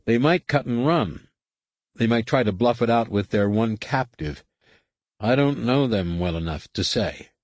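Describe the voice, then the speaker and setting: A man voicing a nervous, talkative young male pilot held captive, speaking in an eager, hurried way. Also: mid-range voice, expressive, no echo, voice pushed up.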